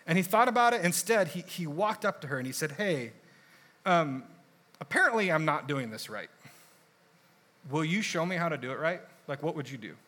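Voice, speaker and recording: Young male pastor, fairly high, bright voice; casual, animated sermon delivery. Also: normal speed, slight background noise. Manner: conversational, animated storytelling with asides.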